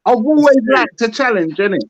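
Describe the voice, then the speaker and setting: A man's voice: extremely high pitch, animated, brisk. A man joking around animatedly in a casual group chat. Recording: dull lo-fi sound.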